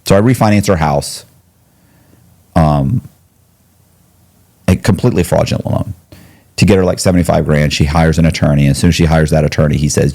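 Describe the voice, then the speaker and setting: A man, a podcast guest, telling his story in conversation, quick restarts and quoted dialogue. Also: very deep voice, fairly even intonation, darkish tone.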